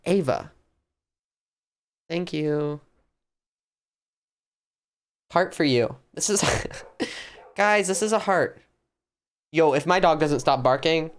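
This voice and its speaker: Young female streamer, low-pitched but lively, hyper and theatrical, home bedroom setup. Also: measured pace, long pauses. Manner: hyper, playful, mock-dramatic. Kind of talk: casual live-stream chat.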